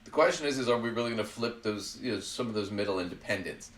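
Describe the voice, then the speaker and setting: A man's voice: on the low side, quick pace. Blunt, profane man in a roomy room. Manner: blunt, profane, laughs at his own jabs. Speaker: podcast host. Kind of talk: casual political chat. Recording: roomy sound, far from the mic.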